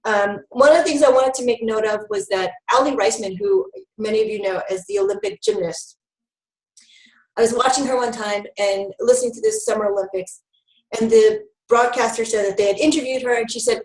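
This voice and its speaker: A woman health educator talks fast and animatedly through public speaking tips, with plenty of fillers. Her fairly high voice comes from some way off the mic in an echoing room. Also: a little mellow. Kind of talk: public speaking training talk. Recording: roomy, mic at a distance.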